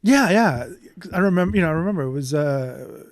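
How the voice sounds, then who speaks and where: A man who is an art professor, a guest on a podcast, talking in a casual, halting way full of "you know.". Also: fairly high pitch, expressive, no echo, clean studio sound. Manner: halting, leans heavily on "you know" fillers. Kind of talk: casual interview talk.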